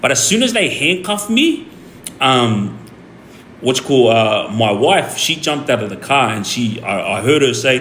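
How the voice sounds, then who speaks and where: A young Australian man telling a story on his stream in a rambling, animated way, full of fillers and restarts. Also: mid-range voice, measured pace. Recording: echoey room with faint ambient noise.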